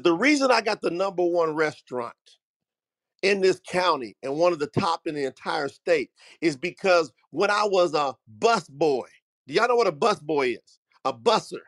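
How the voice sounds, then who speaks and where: A middle-aged man with a high, bright-pitched voice tells a motivational story. He speaks emphatically in a preacher-like way and calls his listeners family. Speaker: host.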